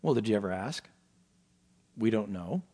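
A man preaching an expository sermon as pastor, stressing words hard and dropping to quiet asides, asking his listeners questions. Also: lowish voice, expressive, moderate pace, breathy edge. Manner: emphatic, swings from loud stresses to quiet asides; asks the listeners rhetorical questions.

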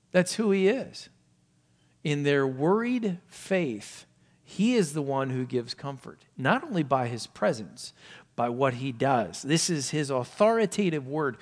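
Higher-voiced male pastor, loud to hushed. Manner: swings from loud emphasis to hushed, low asides; asks many rhetorical questions. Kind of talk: sermon.

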